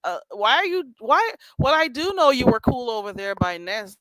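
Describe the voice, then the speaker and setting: Lady chatting on her stream, bit high voice, bouncy, laughs a lot. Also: expressive, normal speed, a bit bright, dry recording, poor audio. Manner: chatty, teasing, laughs often, addresses viewers by name. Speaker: livestream host. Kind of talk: casual chat reading live chat. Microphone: streaming mic.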